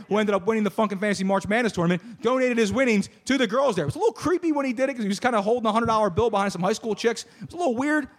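A male host with a high, quick voice who keeps up loose, joking banter. He rambles and teases, rushing from one thought to the next. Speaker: podcast host. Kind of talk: casual banter. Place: live show in front of a small crowd.

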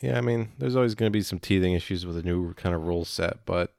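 A man chatting casually as a podcast co-host, rambling and halting with many fillers. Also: low-pitched, gravelly, a little mellow, dry recording, clean studio sound. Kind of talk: casual chat.

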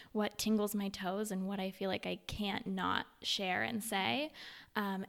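A woman's voice: mid-range voice, creaky. A young adult woman talking as a guest in a casual interview, a mother and blogger speaking candidly with lots of fillers. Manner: chatty and candid, with frequent fillers.

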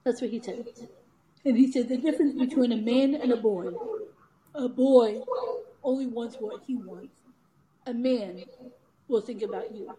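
A woman's voice: a little high, unhurried, pauses often, mellow, slight background noise, rough recording. A woman guest telling a candid personal story in an interview, laughing often and acting out what others said. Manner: candid, laughs often, acts out quoted voices. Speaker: guest, author and speaker.

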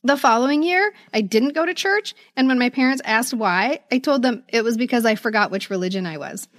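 A middle-aged woman co-hosting a podcast in casual chat, animated and laughing often as she reads old letters aloud. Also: on the high side, a little fast, no echo, clean studio sound. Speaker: podcast co-host.

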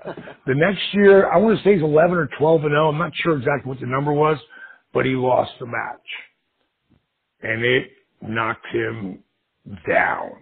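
A middle-aged man, a podcast guest, telling a story in casual, animated fashion and acting out the voices he quotes. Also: fairly high pitch, moderate pace, gravelly, long pauses. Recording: tinny phone line.

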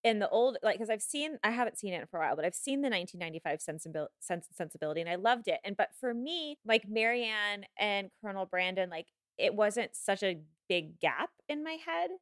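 A woman co-hosting a podcast in casual chat, rambling and animated, laughing often. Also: mid-range voice, brisk, few pauses, no room sound, studio quality. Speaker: podcast co-host.

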